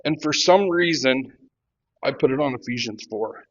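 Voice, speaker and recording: A man in his fifties giving a halting personal testimony, full of restarts, who grows animated as he retells a quarrel. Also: mid-range voice, no room sound, highs cut off. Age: 50s. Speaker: workshop participant sharing testimony.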